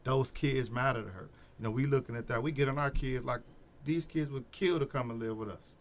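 A middle-aged man from Peoria, speaking as a guest in a casual podcast interview, an animated storyteller who laughs as he talks about his family. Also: medium pitch, brisk, slight background noise. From Peoria, Illinois. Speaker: guest, Head Start program director.

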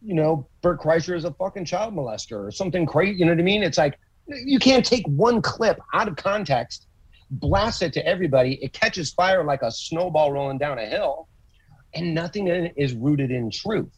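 A man chatting on a podcast, telling stories with swearing and lively acted-out quotes. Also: a little high, normal speed, slightly rough, no echo, rough recording. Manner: profane, animated storytelling with acted quotes. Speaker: comedian guest. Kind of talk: casual podcast chat.

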